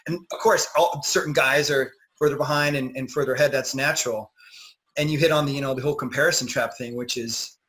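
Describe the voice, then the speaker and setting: A man's voice: medium pitch, fairly even intonation, brisk, fairly bright tone, low-quality recording. Encouraging male dating coach. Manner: encouraging, with many fillers. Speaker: dating coach interviewing a client. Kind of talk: casual interview.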